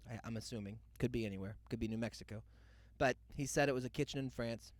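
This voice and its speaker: Talking fast in a mid-range voice, a young podcast host spins a loose, funny story stuffed with tangents and mock quotations, all captured without any room sound.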